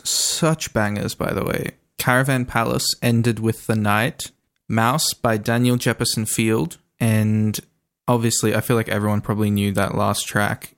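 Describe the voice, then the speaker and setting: A young man hosting a radio music show, chatting casually and rambling with lots of asides. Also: on the low side. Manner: rambling, self-interrupting, quips, "like" and "bro" asides.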